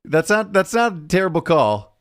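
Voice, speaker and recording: A man's voice: high-pitched, sing-song, normal speed, no room sound. A man hosting a casual podcast, easygoing as he steers the talk between segments. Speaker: podcast host. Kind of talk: casual chat.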